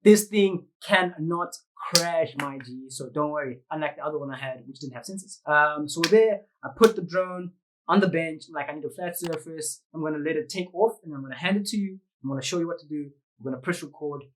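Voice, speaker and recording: A man's voice: fairly high pitch, fairly quick, noisy background. A man with a South African accent, a vlogger animatedly telling a story to the camera, full of slang and sound effects. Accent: South African English. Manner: lively, slangy, uses sound effects and quoted voices.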